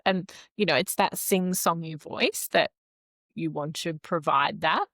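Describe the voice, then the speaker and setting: A woman, a nervous system expert, explaining things calmly in a podcast interview. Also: fairly low pitch, moderate pace, dry recording, clean studio sound. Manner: calm, explanatory, animated with sing-song asides.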